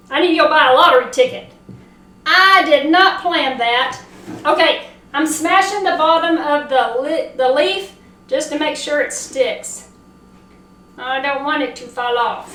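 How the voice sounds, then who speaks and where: A woman with a Southern accent hosting a casual cooking demo, chatting excitedly and talking to herself as she works. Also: sits high, measured pace. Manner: chatty, excitable, talks to herself while working. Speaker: cooking show host. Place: home kitchen. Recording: echoey kitchen, mic at a distance.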